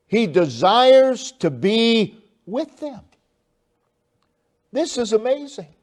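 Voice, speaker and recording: A man preaching a sermon, slow and deliberate, with long pauses and swelling emphasis. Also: high-pitched, animated, darkish tone. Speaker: pastor.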